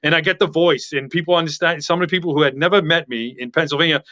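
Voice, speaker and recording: A man talking as a podcast guest in casual chat, excitable and rambling, with a loud voice that carries. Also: fairly high pitch, fast, muffled recording.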